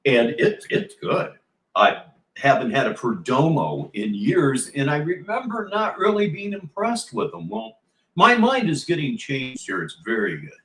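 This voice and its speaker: A man's voice: a little high, sing-song, unhurried, fairly bright tone, roomy sound. A man hosting a livestream, chatting casually and sarcastically, rambling between played clips. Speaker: livestream host.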